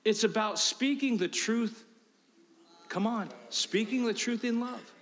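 A man preaching a sermon as pastor, emphatic, swinging from low asides to loud preaching. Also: unhurried, big-room sound.

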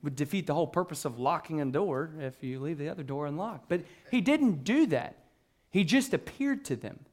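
A man with a high voice preaches a sermon in a loose, conversational way. He often restarts his sentences and uses fillers. Now and then he acts out an excited exchange between characters. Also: normal speed. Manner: acts out the disciples' excited questions. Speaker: pastor.

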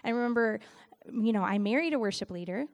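A middle-aged woman giving a conversational sermon, telling stories in an animated way with frequent laughs. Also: on the high side, fast, muffled recording. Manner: animated storytelling, laughs often. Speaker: Christian speaker and worship leader.

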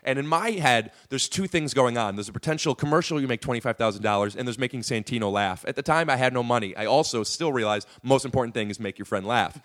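A man's voice: medium pitch, fast, hardly any pauses, a bit bright. A man guesting on a podcast, telling rambling, profane stories with lots of fillers. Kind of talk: casual storytelling.

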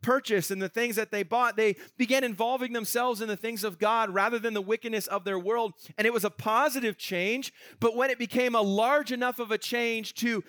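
Animated, high-voiced male preacher. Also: brisk, hardly any pauses, dry recording. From Canada. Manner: animated, laughs often, acts out crowd voices, many restarts. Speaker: pastor. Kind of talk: sermon.

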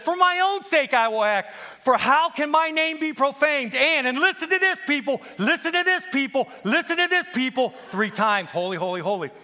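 A man preaching with a very high, bright, forceful voice. He fires rhetorical questions at the congregation and quotes scripture at length. His volume swings between loud calls and hushed, intense reading. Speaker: guest preacher. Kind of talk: sermon.

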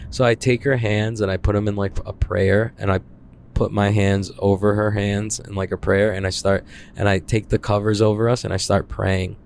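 A young man with a lowish voice recounts a creepy night in loose, rambling storytelling. He leans hard on fillers and swears freely, with a faint hiss of background noise behind him. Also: level tone, moderate pace, darkish tone. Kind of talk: casual spoken storytelling.

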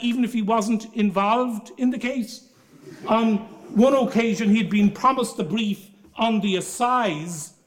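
Man giving a historical lecture. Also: high voice. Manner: measured storytelling with anecdotes. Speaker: lecturer, barrister.

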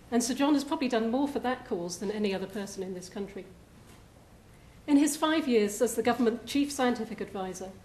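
Female host, measured scripted intro, roomy hall sound, faint rumble. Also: a little mellow. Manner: measured, formal. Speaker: event host introducing a speaker. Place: lecture hall.

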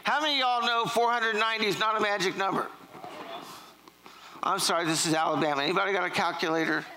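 A man's voice: high voice, fast talker, background noise. A middle-aged man, preaching a sermon in a church, telling jokes and stories and quizzing the congregation. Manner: joking, storytelling, quizzing the congregation. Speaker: pastor. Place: church sanctuary.

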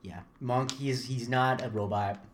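A young man co-hosting a podcast in casual chat. He rambles, restarts his sentences and gets animated when a story takes off. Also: medium pitch, a little slow, a little hiss or hum. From Florida. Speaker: podcast co-host.

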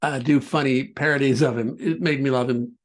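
A man talking casually on a podcast about his interviews, halting often and repeating words as he restarts sentences. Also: medium pitch, fairly even intonation.

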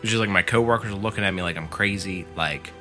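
A man's voice: deep voice, fast, bright, forceful tone, soft background music. A man casually retelling a scary story on a podcast, full of fillers and quoting the teller. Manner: filler-heavy, lots of "like", quotes the storyteller.

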